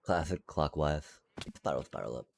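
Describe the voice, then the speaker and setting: This bass-voiced streamer sounds creaky, speaking at a moderate pace with a lively lilt. Building in a block game, he chats casually with viewers, humming sound effects and letting his thoughts mutter off unfinished.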